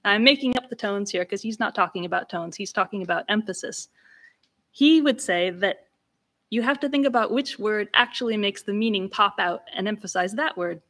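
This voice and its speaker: Woman, academic lecturer, mid-pitched voice, explanatory, thinks aloud with small restarts. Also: fairly quick, a bit bright. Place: symposium venue.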